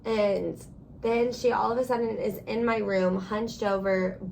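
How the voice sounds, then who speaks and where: A young woman chatting casually on a podcast, telling a story with animated quoted lines. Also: medium pitch, unhurried, creaky, a little hiss or hum. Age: young adult. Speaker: podcast co-host, sister. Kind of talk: casual chat.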